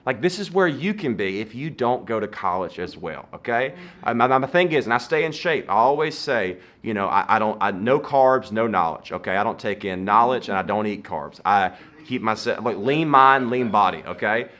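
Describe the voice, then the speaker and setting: Guy in his 30s telling funny stories, bright voice, all over the place loud and soft. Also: lowish voice, normal speed, few pauses. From Southern United States. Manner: animated, playful, swings loud and soft. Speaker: comedian. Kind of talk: comedic storytelling. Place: garage.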